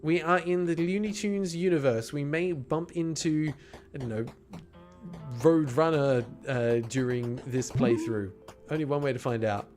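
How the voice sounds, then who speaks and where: A man's voice: fairly high pitch, unhurried, a little mellow, faint music behind. A man casually commenting on a horror game he is streaming, playful and chatty with his viewers. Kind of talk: gaming livestream commentary.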